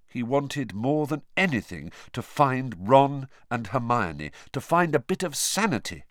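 Man narrating an audiobook, lively intonation. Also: mid-range voice, a little slow, hardly any pauses, no room sound, clean studio sound. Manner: expressive storytelling with lively intonation. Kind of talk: scripted narration.

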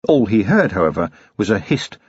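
A man giving expressive, measured scripted narration of an audiobook. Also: fairly low pitch, husky. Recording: slightly dull, dry audio.

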